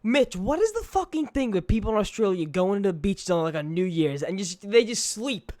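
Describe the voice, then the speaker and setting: A man hosting a podcast, talking in an excitable, rambling way with plenty of swearing. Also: high-pitched, fairly quick. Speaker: podcast host. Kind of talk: casual chat.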